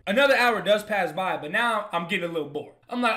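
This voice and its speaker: A man's voice: high-pitched, very animated, fast, hardly any pauses, pushed and bright. A young man streamer casually telling a funny story, joking and swearing as he rambles.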